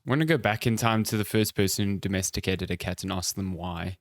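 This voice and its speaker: A man's voice: sits low, fast, dry recording, clean studio sound. A man co-hosting a casual gaming podcast, rambling and joking. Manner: joking, rambling, acts out what his cats think. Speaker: podcast co-host. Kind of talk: casual chat.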